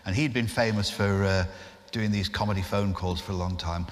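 A man, a guest impressionist, telling an animated anecdote on a festival stage in front of an audience. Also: fairly low pitch, normal speed. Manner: animated storyteller, restarts. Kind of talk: live podcast anecdote. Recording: live hall reverb with faint noise.

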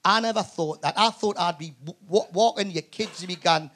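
Animated Geordie man telling stories. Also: high voice, a little fast. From north-east England. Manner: animated storyteller, frequent stammered restarts, swears. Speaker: comedian guest. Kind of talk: live podcast chat. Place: comedy club stage.

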